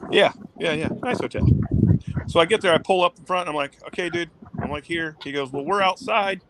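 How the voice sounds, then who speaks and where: A man in his thirties spins a rambling, profane story in a slightly high voice. He bounces through it, acting out the other people's lines as he goes. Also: brisk, background noise. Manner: animated, swearing, acts out quotes. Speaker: guest, former pitcher. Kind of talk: casual storytelling.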